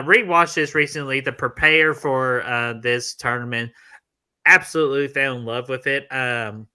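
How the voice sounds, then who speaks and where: A man co-hosting a casual movie-debate livestream, talking excitably and peppering his speech with fillers and "freaking.". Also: mid-range voice. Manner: excitable, filler-heavy, says "freaking" a lot. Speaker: podcast co-host.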